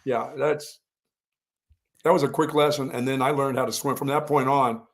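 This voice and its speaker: A man's voice: mid-range voice, fairly even intonation, normal speed. An older man from North Carolina co-hosting a sports show, telling a long story in casual chat and raising his voice for the quoted lines.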